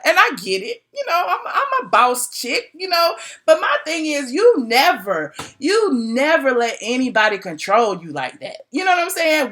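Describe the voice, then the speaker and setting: A middle-aged woman chats to her viewers in a bright, fairly high voice. She gossips animatedly and acts out quotes with sudden high jumps in pitch. Her laughter comes often. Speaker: blogger doing a live video. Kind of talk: casual gossip chat to viewers.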